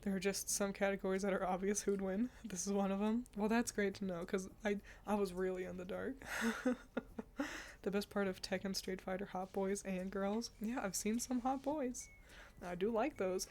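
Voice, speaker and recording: A woman's voice: medium pitch, a little mellow. Chatty, swearing woman streamer. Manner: chatty, swears, laughs and sighs often. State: stuffy nose, yawning. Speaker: streamer reacting to game awards. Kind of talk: casual live-stream chat.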